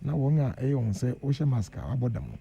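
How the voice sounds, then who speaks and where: A man's voice: medium pitch, fast, vocal fry, warm tone, highs cut off, slight background noise. A Ghanaian man speaking as the guest professor on a radio panel, earnest and emphatic, switching between Twi and English. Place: radio studio.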